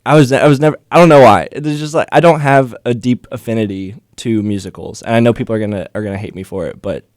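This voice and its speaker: A man from the Bronx, a guest on a podcast, talking in a relaxed, teasing way. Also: mid-range voice, fast, hardly any pauses, no room sound, studio quality. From the Bronx, New York. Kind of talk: casual podcast interview.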